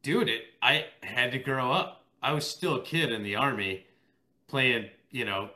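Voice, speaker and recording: Male host in his thirties, bright voice, easygoing and filler-heavy, casual chat. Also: mid-range voice, unhurried. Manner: easygoing, with frequent fillers like "you know" and "dude".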